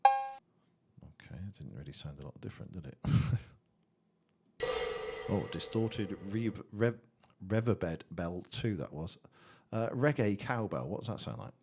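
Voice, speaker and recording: A man casually walking through a software tutorial, chatty and thinking aloud. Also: low voice, animated, a little slow, loud music behind the voice. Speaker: tutorial host.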